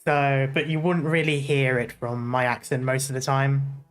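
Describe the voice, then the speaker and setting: A VTuber from Essex, England, reads a story game's dialogue aloud and breaks off to chat with viewers. The voice sits in the middle of the pitch range and laughs easily between lines. Soft music plays underneath. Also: level tone, normal speed. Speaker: VTuber streamer. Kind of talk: casual gameplay commentary and dialogue reading.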